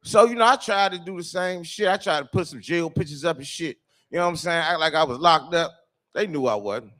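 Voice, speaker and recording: A man doing a stand-up comedy set, telling a loose rambling story with lots of filler and swearing, breaking into shouted quoted voices. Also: on the high side, brisk. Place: live comedy show venue.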